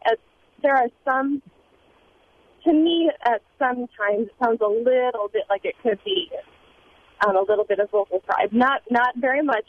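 A woman calling in to a radio show, a speech pathologist speaking earnestly and informatively. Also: high-pitched. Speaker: caller, speech language pathologist. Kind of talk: call-in comment. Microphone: telephone. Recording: tinny phone line with faint hiss.

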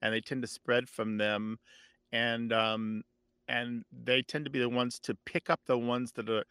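A man's voice: mid-range voice, level tone, unhurried, pushed and bright, smooth, no echo. A man, a language expert guest on a radio call-in show, explaining animatedly with frequent restarts.

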